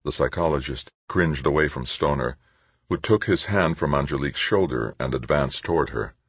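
A man reading an audiobook in steady, measured scripted narration. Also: very deep voice, slightly rough, no echo.

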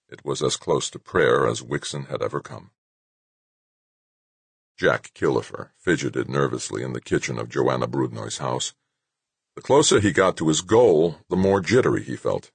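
A male audiobook narrator with a very deep, husky voice, reading steadily. The recording is close and completely dry. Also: expressive, moderate pace, no echo. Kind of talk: scripted narration.

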